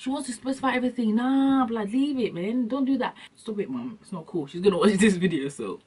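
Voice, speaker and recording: A young adult woman vlogging, telling comic stories in an animated, slangy way and acting out scenes. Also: fairly high pitch, a little fast, breathy edge. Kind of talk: comic storytelling vlog. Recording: distant from the mic.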